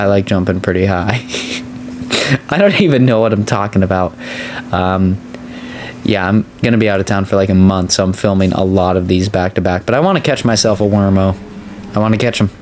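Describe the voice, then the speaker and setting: A man hosting a let's play, chatting casually and excitably as he plays. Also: a little hiss or hum. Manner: chatty, excitable, voice jumps high when excited. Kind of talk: casual gameplay commentary.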